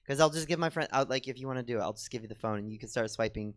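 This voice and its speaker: A man at mid pitch banters from a comedy theater stage, rambling through stories in a chatty, self-mocking way. He talks loosely with the crowd and keeps slipping into giggles. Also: racing. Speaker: comedy show co-host. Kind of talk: rambling stand-up style chat with the audience.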